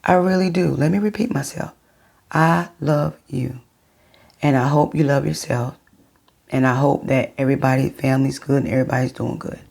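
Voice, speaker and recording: A middle-aged woman vlogging, telling her viewers a personal story in a chatty, unhurried way. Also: a bass voice, fairly even intonation, gravelly, warm tone.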